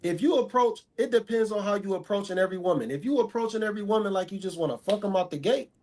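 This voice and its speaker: A man's voice: high-pitched, fast talker, a little mellow. A man speaking as a talk show guest, stating firm, repetitive opinions about women in casual talk.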